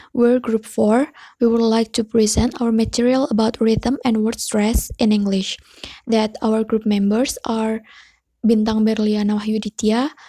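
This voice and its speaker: A woman's voice: on the high side, mellow. A young woman with an Indonesian accent giving a class presentation, reading steadily with hesitant fillers. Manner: reads steadily, switches between English and Indonesian, hesitant fillers. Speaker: student presenter.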